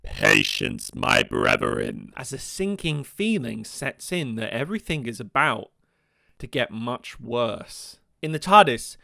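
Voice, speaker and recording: Young man, scripted commentary voice, gravelly and bright, wry asides. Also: mid-range voice, lively intonation, a little slow, no room sound, clean studio sound. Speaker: video essayist.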